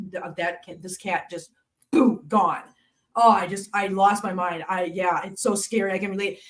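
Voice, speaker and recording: A woman's voice: a little high, recorded from a distance. A woman hosting a live stream, chatting casually and telling rambling stories, cooing sweetly to her cats now and then. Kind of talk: casual chat to viewers. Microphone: laptop mic.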